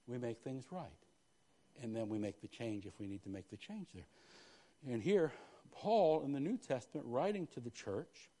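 A male pastor preaching a sermon, swinging from loud, rising exhortation to hushed, quiet confession, often speaking in quoted prayers and repeating phrases. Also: mid-range voice. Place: church.

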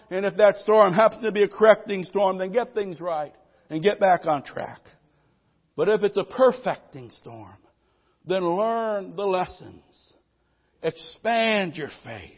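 High-voiced preacher on dull lo-fi audio. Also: male voice. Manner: preaching with call-and-response amens, voices people's worries; swings from loud declarations to soft, low asides. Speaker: pastor. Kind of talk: sermon.

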